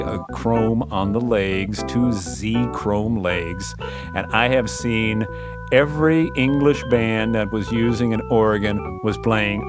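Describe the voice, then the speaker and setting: A man recalling his band's early days in casual, slangy spoken-word storytelling, acting out voices and sounds as he goes. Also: fairly low pitch.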